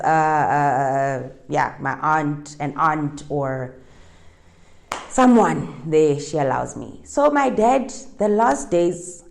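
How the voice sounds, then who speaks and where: A woman's voice: sits low, vocal fry. A young woman with a South African accent telling a personal story in a chatty, winding way, dropping Setswana phrases into her English. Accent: South African, Setswana-speaking. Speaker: interviewee.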